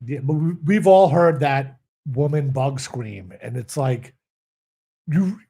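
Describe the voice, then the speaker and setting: A man's voice: medium pitch, expressive, slow, vocal fry, mellow, slightly rough. A man co-hosting a podcast, laid-back, reacting to stories with short comments in casual comedic chat. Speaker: podcast co-host.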